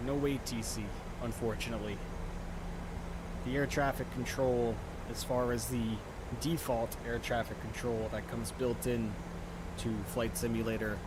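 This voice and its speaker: A man streaming a flight simulator, chatting casually and joking as he commentates live on the game. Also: medium pitch. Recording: steady background noise.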